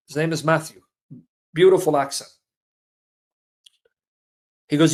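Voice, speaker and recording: A Christian apologist in his fifties gives an emotional personal testimony, stressing his words and repeating phrases for weight. His voice sits on the high side with fairly even intonation and a slightly mellow quality, and he speaks unhurriedly with long pauses.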